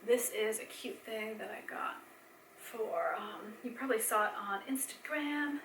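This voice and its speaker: A young adult woman chatting casually in a home vlog, rambling with fillers and soft laughs, a bit tired. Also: a little high, unhurried, echoey room, slight background noise, low-quality recording. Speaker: vlogger and mom. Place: home, indoors.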